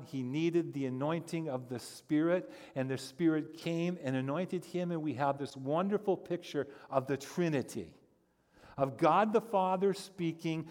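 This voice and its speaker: A man preaching a sermon in a church sanctuary, his voice sitting a little higher than most men's. He tells stories with humor and builds to animated emphasis. A long reverb trails each phrase. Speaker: pastor. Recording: long reverb of a large hall.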